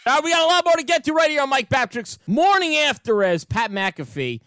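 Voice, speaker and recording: High, lively joking male show host. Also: normal speed, dry recording, clean studio sound. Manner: playful, laughing, rambling. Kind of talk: joking studio banter.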